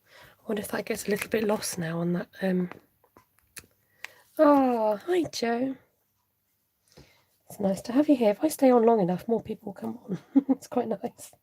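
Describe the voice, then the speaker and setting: A woman's voice: a little high, animated, normal speed, long pauses, warm tone, slightly rough. A woman hosting a live crafting stream, thinking aloud, humming and chatting with viewers.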